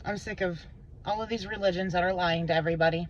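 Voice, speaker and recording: A woman vlogging an emotional personal monologue, intense and rambling, swearing and swinging between low and high pitch. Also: fairly even intonation, quick pace, highs cut off, slight background noise.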